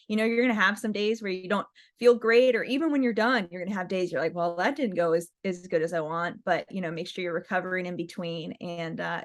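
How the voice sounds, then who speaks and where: Earnest, encouraging woman runner. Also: mid-range voice. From United States. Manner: earnest and encouraging, many "like" fillers. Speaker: guest, pro marathon runner. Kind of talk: casual interview answer.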